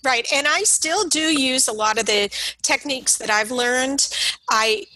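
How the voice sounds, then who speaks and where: A woman with a bright, forward voice talks in an earnest, halting way, often restarting her sentences. She sits a little above the usual pitch, and the sound is close and dry with no room around it. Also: no echo, low-quality recording. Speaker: podcast co-host. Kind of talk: casual conversation.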